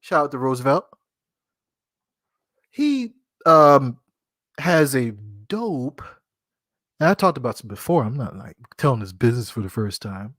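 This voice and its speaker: A man's voice: medium pitch, very animated, a little slow, pauses often, fairly bright tone, dry recording, clean studio sound. A man hosting a casual solo podcast, rambling and joking, often laughing at himself. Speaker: podcast host.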